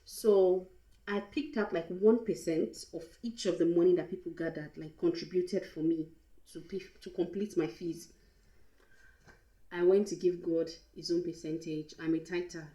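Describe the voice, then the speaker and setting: A woman's voice: on the low side, steady tone, normal speed, dark tone, echoey room, rough recording. A young Nigerian woman vlogger telling a candid, emotional storytime, slipping into pidgin now and then. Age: young adult. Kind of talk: storytime vlog.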